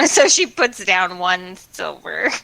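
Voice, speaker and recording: A woman's voice: lowish voice, big pitch swings, slow pace, gravelly, crowd noise, low-quality recording. A woman playing in a casual tabletop game, eager and playful. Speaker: player.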